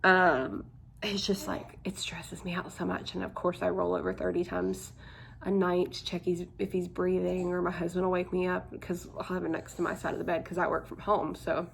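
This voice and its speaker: A young woman talks candidly to her camera in a relaxed, chatty vlog, her low voice catching in a gravelly fry. Fillers tumble in as she talks. A faint hum of room noise sits under the recording. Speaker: vlogger. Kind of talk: casual chat to camera.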